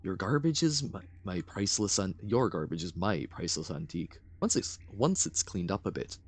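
A man's voice: low voice, sing-song, moderate pace, full character voice. A man doing a cheery Scottish-tinged junkman. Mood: jolly. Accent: half-hearted Scottish. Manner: jolly, rolling nautical delivery. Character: middle-aged man, cheerful junk collector.

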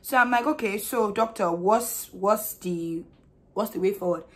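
An expressive young woman with a Nigerian accent, chatting straight to camera in a storytime vlog. Her voice sits at a middle pitch and she tells the story in an animated, candid way, with blunt slang. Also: measured pace, background noise. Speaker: vlogger.

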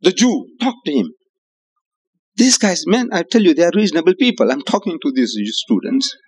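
A man's voice: high voice, very animated, normal speed, breathy edge. A man from Africa, giving an emphatic public lecture with rhetorical questions, repeated phrases and chuckling asides. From South Africa. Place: hotel lecture hall.

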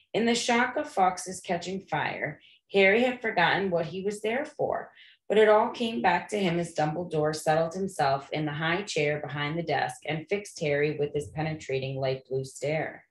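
A woman reading a storybook aloud in a steady, plain narration. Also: low-pitched, normal speed. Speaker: reader. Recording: roomy echo.

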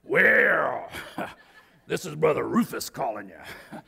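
A jovial, gravelly old brother, as a pastor puts him on, drawing each word out in a slow, chuckling drawl. The voice is raspy and bright, and it swoops up and down with lively pitch. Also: male voice, heavily acted.

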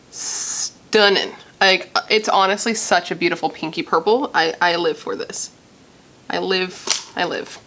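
A young woman from Missouri, a beauty vlogger, gushes and thinks out loud in a casual chat while doing a makeup tutorial. Her voice sits at a medium pitch.

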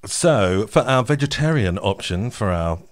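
Low-voiced chatty male podcast host. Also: animated, measured pace. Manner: chatty, laughs often, reads show plugs. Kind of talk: casual podcast chat.

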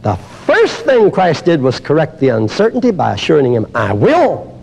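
An older man preaching a teaching sermon on healing, emphatic and exuberant, dropping to a hush and then rising to loud exclamations. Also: a little high, wildly swooping pitch, moderate pace, creaky, husky.

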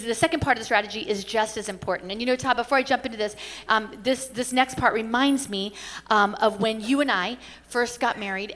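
A woman's voice: a little high, a bit bright. A middle-aged woman pastor teaching at a conference, telling stories earnestly with frequent restarts. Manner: earnest storytelling with many restarts. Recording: reverberant hall.

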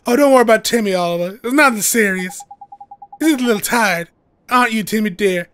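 A man's voice: sits high, brisk, fairly bright tone, slight background noise. A man putting on a doting old cat lady. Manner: cooing, fluttery, sing-song. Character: fussy doting older woman, cat owner. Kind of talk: reading game dialogue aloud.

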